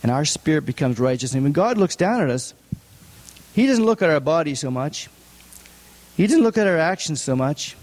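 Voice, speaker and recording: A man preaching a sermon, putting questions to the congregation and stressing points with sharp rises in his voice. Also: sing-song, moderate pace, pauses often. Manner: asks the congregation many questions, rises in pitch for emphasis. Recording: long hall reverb.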